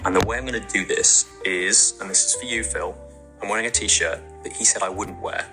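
A man's voice: fairly low pitch, steady tone, brisk, over music. A man interviewing an actor in a casual chat, chatty and joking like a fan.

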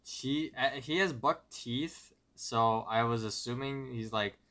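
A man's voice: medium pitch, takes it slowly. A man co-hosting a podcast, chatting casually about a cartoon episode with hesitant fillers. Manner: relaxed conversational commentary, hesitant fillers. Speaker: podcast co-host.

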